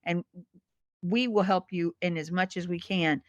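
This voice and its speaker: On a casual podcast, a massage industry guest in her fifties talks a little slowly in a steady, lowish voice, folksy and earnest, often saying honey. The recording is dry, with the highs cut off.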